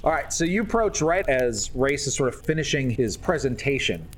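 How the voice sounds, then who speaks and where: A man's voice: mid-range voice, big pitch swings, moderate pace, a little hiss or hum. A man narrating a tabletop game as game master, loose and casual, with some swearing.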